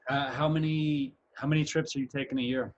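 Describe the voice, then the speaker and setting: A man hosting a relaxed podcast interview, asking questions in an easygoing, encouraging way. He speaks in a level, flat tone with little rise and fall. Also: a little high, brisk, muffled recording. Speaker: podcast host.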